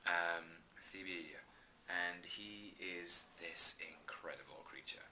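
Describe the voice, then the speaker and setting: Man in his thirties, low voice, forceful bright tone, earnest, faint hiss behind. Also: moderate pace. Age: 30s. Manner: earnest, effusive, with many restarts and ums. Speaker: actor, interview guest. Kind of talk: casual interview chat.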